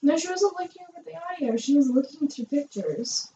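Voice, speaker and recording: A woman's voice: high-pitched, expressive, warm tone. A woman in a casual movie podcast chat, correcting the others and acting out scenes. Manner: quick to correct, acts out lines. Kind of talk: casual film review chat. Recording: echoey, dull, off-mic with hiss.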